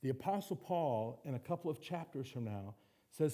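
A man preaching a sermon as pastor, animated, acting out little voices and quotes. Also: mid-range voice, normal speed.

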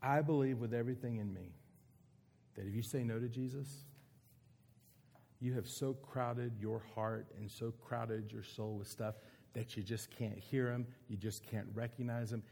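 A man preaching an earnest, emphatic sermon with dramatic pauses. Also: mid-range voice, fairly even intonation, gravelly, dark tone, slightly rough. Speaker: pastor.

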